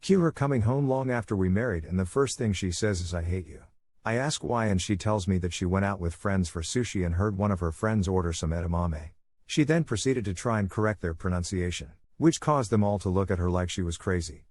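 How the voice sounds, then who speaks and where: Male narrator, deep and low, reading posts and comments straight through. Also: a little fast, darkish tone. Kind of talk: scripted narration.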